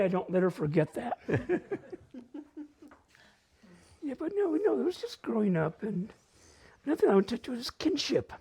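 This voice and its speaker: Lively northern New Mexico storyteller man. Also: high-pitched, vocal fry, slightly rough. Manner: animated, acts out family voices, mixes in Spanish phrases. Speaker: storyteller at a community open mic. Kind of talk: live personal storytelling. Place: library event space, live.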